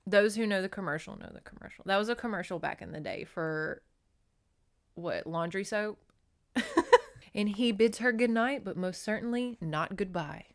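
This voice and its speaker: Woman, podcast host, casual book recap, animated, profane, laughs often, middle pitch. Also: moderate pace.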